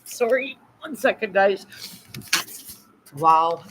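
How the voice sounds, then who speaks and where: A woman's voice: mid-range voice, expressive, takes it slowly, background noise. A middle-aged woman hosting a casual livestream, emotional and effusive, rambling with fillers and thanking viewers often. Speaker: livestream host.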